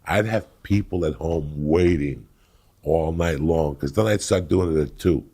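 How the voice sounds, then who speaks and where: Gravelly, low-voiced middle-aged man. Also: measured pace. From New Jersey. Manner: loud, rambling and crude, breaking into acted quotes. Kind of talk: profane storytelling chat.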